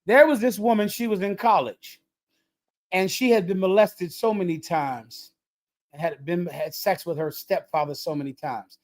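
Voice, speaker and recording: A man's voice: high voice, normal speed. A man leading a livestreamed religious lesson, preaching emphatically in a lecturing, repetitive cadence. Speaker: religious group leader.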